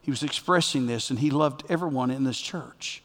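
Emphatic preacher in a reverberant church. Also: male voice, mid-range voice, moderate pace. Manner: emphatic preaching, swings between loud bursts and quiet asides. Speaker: pastor. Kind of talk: sermon. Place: church sanctuary. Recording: long reverb of a church hall.

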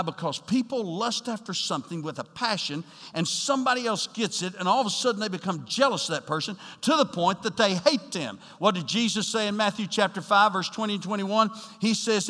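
A man's voice: high voice, pushed and bright, in a large hall. A male pastor preaching a sermon, building to emphatic bursts and talking straight to the congregation. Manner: preaching with rising emphatic bursts and direct address.

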